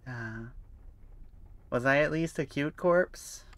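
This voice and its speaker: A male streamer chats his way through a horror game, playful and self-mocking, with a bright, forceful tone. The sound is dry and close, and he swears freely between jokes. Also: on the high side, slow pace, no echo. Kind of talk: casual game commentary.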